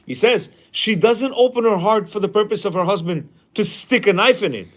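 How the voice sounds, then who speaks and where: A man's voice: high voice, animated, normal speed. A man teaching a class in a casual way, reading a passage aloud and then commenting, often acting out quoted lines.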